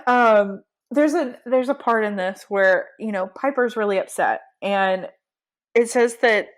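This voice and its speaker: Woman podcast co-host, kinda high voice, chatty and fired up about the story. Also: measured pace. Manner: chatty, indignant asides, retells scenes with quoted lines. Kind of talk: casual chat recapping a book.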